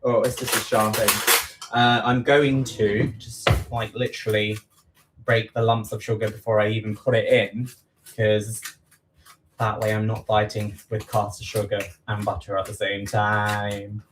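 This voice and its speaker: A man's voice: on the low side, flat delivery, a little slow, noisy background. A man with an East London accent, chatting casually as he bakes live in his home kitchen, talking to himself and teasing himself as he goes. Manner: chatty, self-deprecating, repeats quantities aloud. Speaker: home baking livestreamer. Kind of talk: casual live baking chat.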